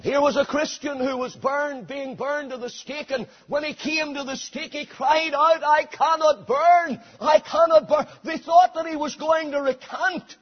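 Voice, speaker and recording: A man preaching a sermon dramatically, swinging between hushed passages and shouted ones. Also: very high-pitched, fairly even intonation, normal speed, few pauses. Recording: dull lo-fi sermon recording.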